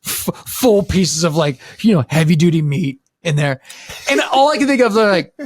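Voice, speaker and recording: Podcast host dude ranting and cracking up, swears a ton, voice jumps all over, dry sound. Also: male voice, fairly high pitch, moderate pace, dry recording. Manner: animated, profane, laughing storyteller. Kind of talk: casual podcast chat.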